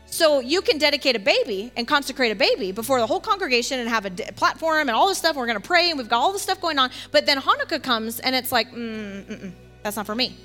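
A woman preaches to her congregation in a chatty, animated way, often breaking into little laughs and quick asides. Her voice sits high and sounds bright and sharp. Soft music plays underneath. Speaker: teacher in a congregation. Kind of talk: sermon teaching.

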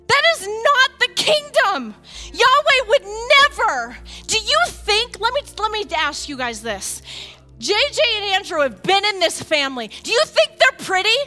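Fired-up woman preaching with high, bright voice. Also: moderate pace, soft background music. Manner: animated, swings from hushed to fired-up, laughs often. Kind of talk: passionate sermon.

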